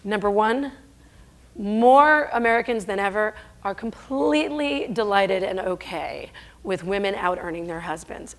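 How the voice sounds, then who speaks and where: Emphatic woman giving a stage talk. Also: mid-range voice. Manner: emphatic, rhetorical, with self-corrections. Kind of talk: conference talk. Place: stage before an audience.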